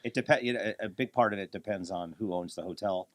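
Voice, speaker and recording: A deep-voiced man talks in a casual podcast chat. He tells his story in a halting, matter-of-fact way, stumbling and restarting often. The recording is close and dry. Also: no echo. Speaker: hotel worker.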